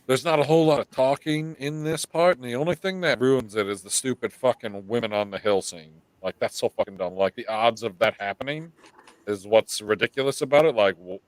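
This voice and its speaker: A man hosting a live podcast, telling stories in an animated, swearing, casual way. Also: medium pitch, fairly quick, no echo. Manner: animated storytelling, heavy swearing. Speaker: podcast host.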